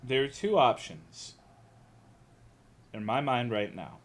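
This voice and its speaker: A man's voice: medium pitch, sing-song, takes it slowly. A young American man streaming a game, chatting casually and ranting with lots of swearing while reading chat aloud. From United States.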